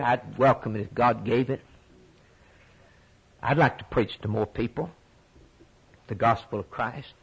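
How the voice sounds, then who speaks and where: A man preaching a sermon with passion, dropping low and quiet, then rising high and loud on key points, often repeating words. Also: breathy edge, rough recording. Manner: repeats words when stirred.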